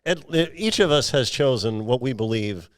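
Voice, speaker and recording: A man co-hosting a podcast in casual chat, speaking in a measured, wry way and pausing to search for words. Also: mid-range voice, expressive. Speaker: podcast co-host.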